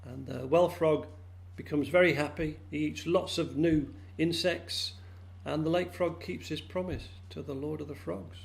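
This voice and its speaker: A man telling a folk tale to friends over a video call, lively and animated, jumping into high squeaky voices for the characters. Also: unhurried, vocal fry, a little hiss or hum. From England. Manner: lively, acts out frog voices with big pitch jumps. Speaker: storyteller.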